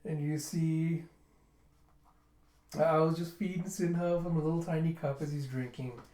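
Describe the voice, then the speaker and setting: A man's voice: a little high, steady tone, normal speed, warm tone. A man casually reading through a manga, laughing and switching between character voices. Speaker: manga reviewer. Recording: roomy echo.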